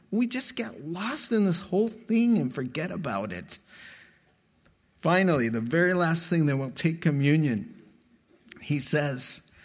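A man preaching a sermon as a pastor, emphatic and slow, with dramatic pauses between phrases. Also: fairly high pitch.

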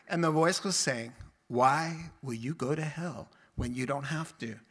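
A man preaching a sermon, expressive, acting out the voices he quotes. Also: fairly high pitch, measured pace, breathy edge. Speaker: pastor.

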